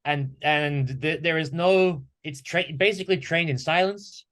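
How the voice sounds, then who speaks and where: A man guesting on a podcast, talking lively and acting out questions and quotes as he tells stories about training. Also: a little high, measured pace. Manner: animated storyteller who acts out quoted questions. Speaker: podcast guest, martial arts instructor. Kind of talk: conversational podcast talk.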